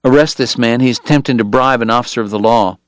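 A man's voice: mid-range voice, quick pace, no room sound, close to an everyday voice. A man voicing a stubborn frontier lawman who speaks firmly and plainly in an audiobook. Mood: commanding. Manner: firm, plain-spoken, insistent.

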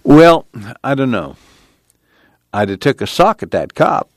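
A man's voice: medium pitch, big pitch swings, measured pace, dry recording, pitched above the performer's own voice. A man voicing a wry, easygoing young farm son with a laconic rural drawl, in an audiobook reading. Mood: thoughtful.

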